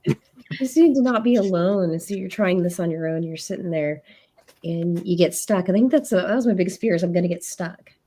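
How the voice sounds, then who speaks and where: A woman with a smoky, hoarse voice from being sick chats as a co-host. Her tone is warm and mellow. She talks freely and laughs often, heard over a video call. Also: fairly low pitch, a little fast. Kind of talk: casual chat.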